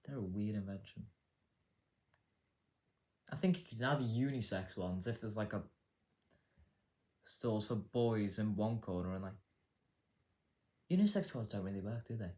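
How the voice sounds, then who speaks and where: A man's voice: fairly low pitch, unhurried, long pauses, mellow. A man hosting a casual news commentary show, rambling and swearing with a sarcastic edge. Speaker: host.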